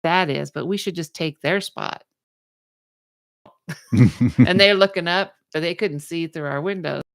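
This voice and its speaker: A woman's voice: on the low side, a little slow, vocal fry, dry recording, clean studio sound. A woman hosting a podcast, telling a story in casual chat and acting out the people in it. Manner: animated, acts out the people in her story. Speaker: podcast host.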